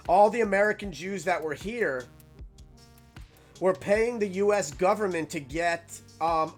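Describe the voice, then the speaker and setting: A young man telling a casual, rambling story, animated and full of "like" fillers. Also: high-pitched.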